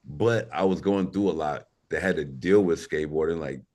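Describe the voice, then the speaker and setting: Forties guy from St. Louis, deep low voice, loose and slangy, talks in looping restarts. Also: normal speed, a little mellow. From St. Louis, Missouri. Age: 40s. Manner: laid-back, slangy, rambling with restarts. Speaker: podcast guest. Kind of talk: casual interview storytelling.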